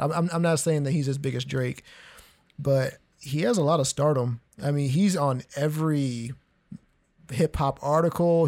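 A man's voice: medium pitch, gravelly, a little mellow. A young man co-hosting a casual podcast, laid-back, reacting briefly and rambling with restarts. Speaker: podcast co-host.

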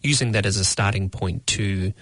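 A young man, answering interview questions about his art in a measured, thoughtful way, often searching for words. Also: fairly low pitch, a bit bright, no room sound. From New Zealand. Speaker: guest artist.

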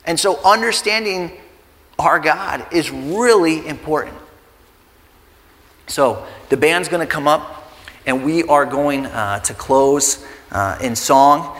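A pastor in his thirties preaches a sermon in a church sanctuary, speaking conversationally and building to earnest emphasis. His voice is on the high side, slow and fairly bright, and the hall is reverberant with faint music.

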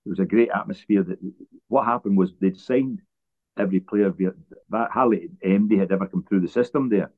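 A man's voice: fairly low pitch, brisk. A Scottish man, a former footballer, telling long rambling anecdotes as an interview guest with frequent restarts. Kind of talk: relaxed storytelling interview. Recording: tinny phone-like line.

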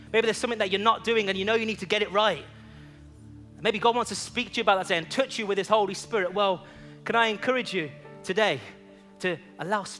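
A man with a high-pitched, slightly bright voice preaches a sermon, first telling a personal story and then urging the congregation on with mounting fervor.

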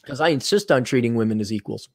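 Man, podcast co-host, animated storyteller, lively pitch. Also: fast talker, no echo, clean studio sound. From United States. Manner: animated, acts out quoted voices. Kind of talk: casual podcast chat.

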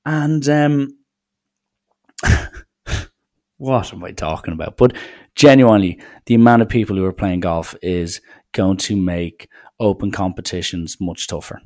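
A man's voice: low-pitched, unhurried, long pauses, a little mellow. Sardonic young man podcasting. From Ireland. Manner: sardonic, rambling, mock-serious. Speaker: podcast host. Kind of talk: casual solo podcast monologue.

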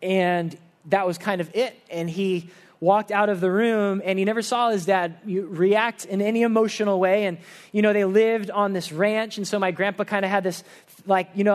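A pastor giving a conversational sermon in a church service, telling personal stories in an earnest way. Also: male voice, high-pitched, fairly even intonation, moderate pace.

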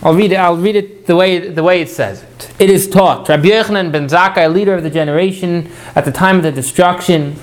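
A man's voice: high-pitched, a little fast, few pauses. A man teaching a Torah class, often repeating words as he starts and putting questions to his listeners.

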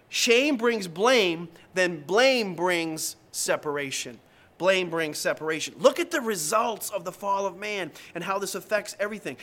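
A man's voice: sits high, a bit bright. A middle-aged man preaching a sermon as pastor, emphatic and repeating his key lines, acting out the people he quotes.

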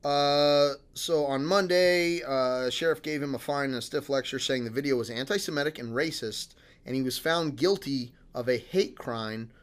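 A man's voice: mid-range voice, moderate pace, few pauses. A man co-hosting a podcast, rambling through a news story in casual chat with many fillers and restarts. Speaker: podcast co-host.

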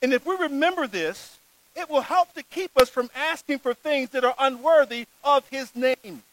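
A man's voice: very high voice, moderate pace, a bit bright, slight background noise, poor audio. A man preaching a sermon, reading scripture aloud and stressing key words in an earnest preaching manner.

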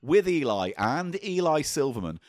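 Mock-formal man, lively pitch. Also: normal speed, dry recording. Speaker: podcast co-host. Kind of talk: comic banter.

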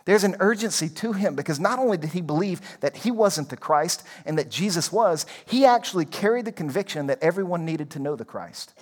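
A man, a pastor, preaching a sermon in an earnest, emphatic way, repeating key lines for weight. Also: on the high side.

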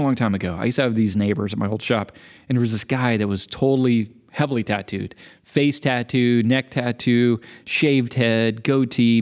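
A man in early middle age co-hosting a podcast, telling self-deprecating stories in casual chat and acting out the people in them. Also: mid-range voice. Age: young adult. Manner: storytelling, self-deprecating, animated impressions. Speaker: podcast co-host.

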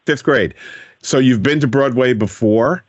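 A man's voice: mid-range voice, a little slow, dry recording, dull audio. A man hosting a radio interview show, asking children encouraging follow-up questions from a studio.

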